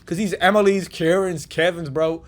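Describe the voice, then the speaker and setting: A man with a notably high voice gives casual reaction commentary. He talks in loose slang, mocking and scolding as he rants. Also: fairly even intonation, normal speed.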